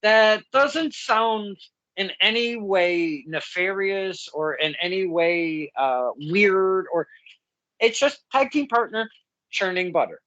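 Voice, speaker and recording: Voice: mid-range voice, expressive, takes it slowly, a bit bright, no room sound, muffled recording. A podcast host conducting a casual interview, talking animatedly and often laughing mid-sentence.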